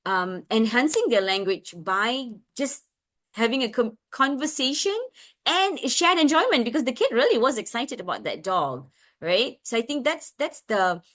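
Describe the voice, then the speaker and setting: A woman's voice: on the high side, normal speed. A woman speech therapist giving a parenting webinar talk, chatty, with many fillers and restarts. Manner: acts out lively sing-song examples.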